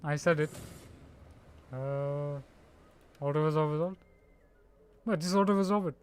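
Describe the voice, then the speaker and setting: Slow, halting man streaming a strategy game. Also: on the high side, smooth. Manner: halting, tries out names slowly, laughs at himself. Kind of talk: casual live-stream chat.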